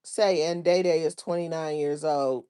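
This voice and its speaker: Low-voiced woman gossiping on a livestream. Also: fairly even intonation, moderate pace, warm tone, clear, resonant tone. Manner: gossipy, drawling, reads chat comments aloud. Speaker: livestream host. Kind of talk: casual commentary on online drama.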